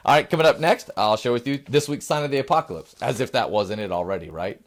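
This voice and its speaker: A man's voice: medium pitch, fast talker. A middle-aged man hosting a satirical news show, acting out shoppers and clerks and sometimes fumbling and restarting his lines. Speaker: host.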